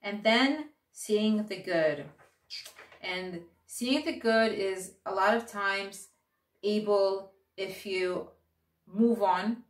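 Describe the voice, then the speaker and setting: A woman's voice: medium pitch, extremely slow. A woman giving a casual spiritual talk, speaking in an earnest, direct and encouraging way. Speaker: spiritual teacher. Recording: roomy echo, distant mic.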